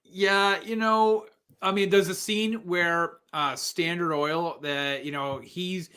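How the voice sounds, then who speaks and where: A man's voice: high-pitched, fairly even intonation, slow pace, pushed and bright, smooth. A man co-hosting a podcast, chatting casually about a movie, laughing often and acting out lines. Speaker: podcast co-host.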